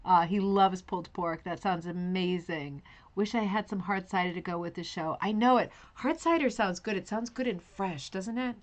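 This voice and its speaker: A woman's voice: fairly low pitch, normal speed. A woman hosting a craft live stream, chatting casually and greeting viewers by name with scattered, self-interrupting talk. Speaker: host of a rug hooking live stream.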